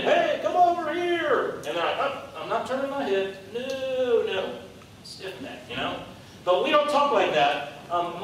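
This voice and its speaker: A man preaching a conversational sermon, telling stories in a lively, animated way. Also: a little high. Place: large hall, worship service. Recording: echoey hall from far off, faint noise.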